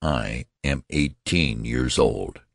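A man's voice: low voice, animated, moderate pace, gravelly, dry recording, clean studio sound. A man voicing an earnest young man in an old man's body who speaks plainly and firmly, in an audiobook. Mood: insistent.

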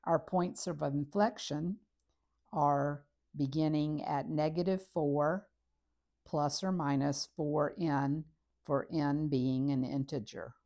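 Slow, low-voiced woman teaching math. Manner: steady, methodical, talks through steps while writing. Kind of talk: recorded math lesson explaining a graph.

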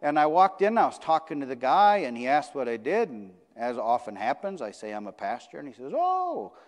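A man's voice: mid-range voice, animated, a little fast. A male pastor giving a sermon in a conversational preaching style, repeating phrases for emphasis. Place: church sanctuary. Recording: long church reverb.

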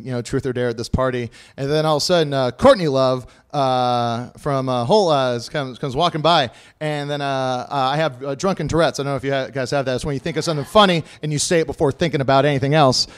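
A man telling a long comic story on stage, rambling and swearing, full of fillers, and breaking into loud, high quoted voices. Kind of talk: live stand-up storytelling. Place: live stage before an audience.

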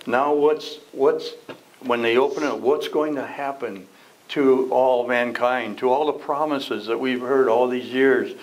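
Slow, unhurried Bible class teacher. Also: male voice, medium pitch, steady tone, low-quality recording. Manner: unhurried, conversational, asks the class questions. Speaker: Sunday school teacher. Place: church classroom.

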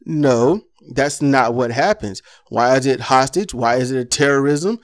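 A man's voice: medium pitch, animated, measured pace, hardly any pauses. A man delivering an impassioned political commentary monologue, ranting with rhetorical questions.

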